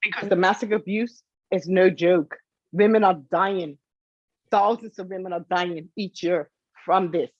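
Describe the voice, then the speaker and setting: A woman's voice: on the low side, steady tone, a little slow, no echo, lo-fi sound. Tearful woman pleading earnestly. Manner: tearful, pleading, repeats herself for emphasis. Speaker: interview guest. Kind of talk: emotional personal story.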